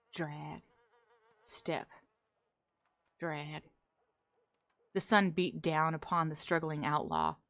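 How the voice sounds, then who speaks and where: A woman with a notably low voice talks to her stream in a relaxed, conversational way. She also reads a story aloud to her viewers. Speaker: roleplay streamer. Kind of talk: casual streaming chat and story reading.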